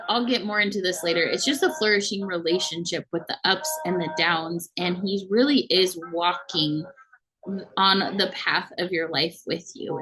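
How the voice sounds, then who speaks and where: A woman's voice: mid-range voice, a little hiss or hum, low-quality recording. Earnest woman sharing her faith story. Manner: earnest and emotional, with soft laughs. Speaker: faith vlogger. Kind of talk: personal testimony to camera.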